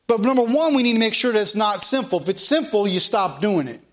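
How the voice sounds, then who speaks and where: A man preaching a Sunday sermon in a high-pitched voice, stressing each point by saying it more than once. Between his own words he reads scripture aloud in the old King James phrasing. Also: lively intonation, fast. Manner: preaching with emphatic repetition, reading scripture aloud. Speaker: pastor.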